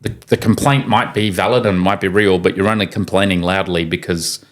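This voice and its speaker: A man's voice: deep voice, brisk. A man talking as a podcast guest, telling stories casually and acting out quoted voices with energy. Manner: animated, acts out quoted voices. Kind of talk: casual conversational storytelling. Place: podcast studio room.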